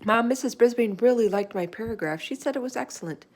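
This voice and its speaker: A woman voicing an eager, chatty young girl in a storybook, talking in bright, excited bursts. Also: a little high, fast talker, pitched above the performer's own voice, close to an everyday voice. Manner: bright, excited, tumbling sentences.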